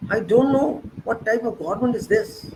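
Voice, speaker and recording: A man with an Indian English accent speaks in a fairly high voice, delivering an impassioned monologue full of indignant rhetorical questions and sarcastic jabs. A faint hiss of noise sits under the recording. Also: normal speed, darkish tone, rough recording. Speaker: political commentator.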